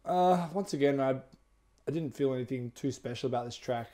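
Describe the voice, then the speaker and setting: A man's voice: medium pitch, fairly quick, dark tone. A young man co-hosting a music reaction review, talking in a laid-back, tired way and swearing casually.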